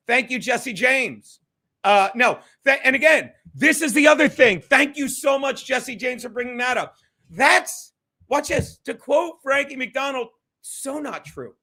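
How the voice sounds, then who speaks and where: A man's voice: extremely high pitch, pushed and bright. A man hosting a livestream, ranting profanely about critics and thanking viewers by name. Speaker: livestream host.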